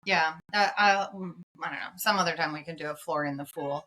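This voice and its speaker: A woman co-hosting a podcast, casually and animatedly recapping a TV episode with lots of fillers. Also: sits low. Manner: animated, quick retellings of scenes with lots of fillers. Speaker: podcast co-host.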